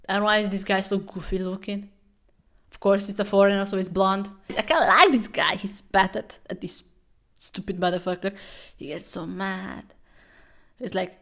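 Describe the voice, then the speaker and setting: A woman recaps a comic in a sarcastic, profane, incredulous voice. She talks casually, often in mock disbelief, at a mid pitch typical for a woman. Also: fairly even intonation, moderate pace, fairly bright tone. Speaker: webtoon commentary host.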